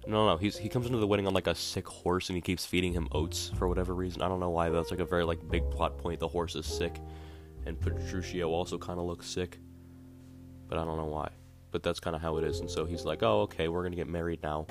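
A man's voice: low voice, flat delivery, fast. A man casually retelling a play in a rambling, wry way, often correcting himself. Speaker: podcast host. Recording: guitar music playing behind.

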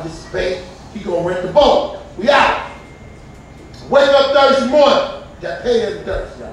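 High-voiced guy doing a stand-up bit, loud n profane, roomy echo from far off. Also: a little hiss or hum. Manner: loud, profane, animated storytelling with shouts. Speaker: stand-up comedian. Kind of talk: stand-up comedy set. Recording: echoey room, distant mic.

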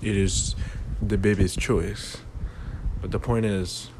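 A man's voice: on the low side, steady tone, takes it slowly, background noise. A man hosting a casual motivational monologue, rambling and philosophical, with lots of "you know".

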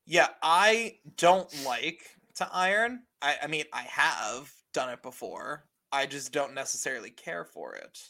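A man with a high, bright voice talks casually as a podcast co-host. He laughs easily and drops the odd swear word, poking fun at himself as he goes. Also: expressive, unhurried, creaky, few pauses. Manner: laughs often, swears casually, self-deprecating. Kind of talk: casual chat.

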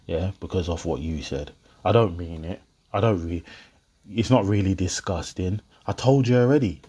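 A man's voice: deep voice, normal speed, slightly rough. A young man, talking casually to his viewers and telling a story with laughter, acting out both sides of an argument. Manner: animated storytelling, half-laughing, acts out both sides of a row.

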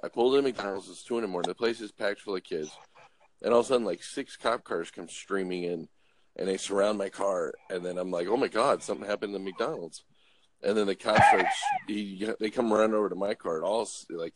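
A middle-aged man from Los Angeles casually telling a story, animated, acting out voices and restarting often. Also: on the low side, fairly quick. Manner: animated, acts out voices, swears, frequent restarts. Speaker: guest storyteller.

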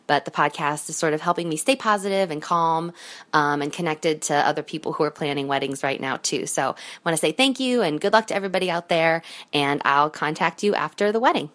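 A woman's voice: low voice, brisk, a bit bright. A woman leaving a voicemail for a podcast, effusive and grateful, with hesitant fillers. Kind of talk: recorded voicemail message.

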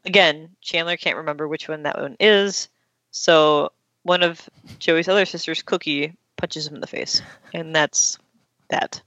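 A woman's voice: sits low, fairly even intonation, a little slow, fairly bright tone, dry recording. A woman in casual chat, retelling a story and acting out the quotes. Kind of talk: casual chat, recapping a TV episode. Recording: dull, slightly lo-fi dry recording.

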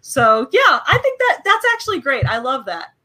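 A young woman co-hosting a casual podcast, chatty and quick to laugh, with lots of fillers. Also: sits high, huge pitch swings, sharp tone. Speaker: co-host.

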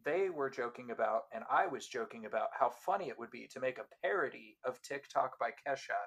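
A man in his late twenties chatting on a podcast, with a middle-pitched voice. He wanders through stories with restarts and laughs often. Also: animated, fairly quick, creaky, a bit bright, husky. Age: late 20s. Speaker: podcast co-host. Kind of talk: casual chat.

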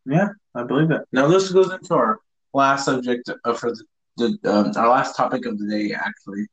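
A man's voice: medium pitch, normal speed, fairly bright tone, slightly rough, rough recording. A young man co-hosting a casual podcast, rambling and hesitant, often restarting his sentences. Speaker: podcast co-host. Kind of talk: casual chat.

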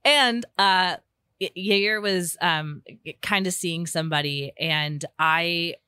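A young woman, a therapist, chatting candidly and laughing at herself. Her voice sits a little low but sounds bright and crisp. It is recorded dry and close, with no room sound. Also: takes it slowly, no room sound. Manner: chatty, self-deprecating, many fillers and restarts. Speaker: therapist, podcast guest. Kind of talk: candid casual conversation.

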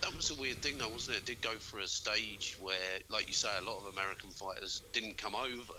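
Podcast co-host: man, lowish voice, rapid, halting speech. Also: sharp tone, rough recording. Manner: hesitant, stammering restarts. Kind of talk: casual boxing chat.

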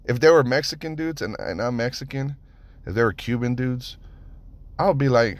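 A man hosting a podcast, telling stories in a casual monologue, animated and profane, with lots of rhetorical questions. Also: medium pitch, moderate pace, dry recording. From United States (Nevada). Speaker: podcast host.

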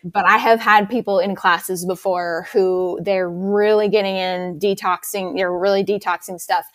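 A woman's voice: mid-range voice, steady tone, moderate pace, no echo. A woman fitness instructor explaining her method in a casual interview, enthusiastic and chatty.

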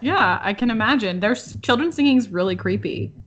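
A woman's voice: on the high side, lively intonation, brisk, fairly bright tone, slight background noise. A woman co-hosting a casual podcast, asking questions and often agreeing in short replies. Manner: curious, asks questions, frequent short agreement. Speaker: podcast co-host. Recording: dull lo-fi audio.

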